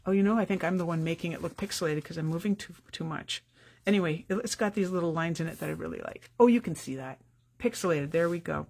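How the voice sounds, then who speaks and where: A middle-aged woman hosting a live card-making tutorial from her home craft room, chatty and quick, with apologetic asides. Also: fairly low pitch.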